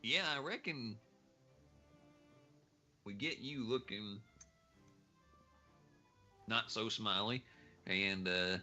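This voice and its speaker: A man's voice: lowish voice, very slow, pauses often, bright, forceful tone, soft background music. A man chatting casually as a tabletop game player, hesitant with many ums and restarts. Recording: slightly muffled livestream audio.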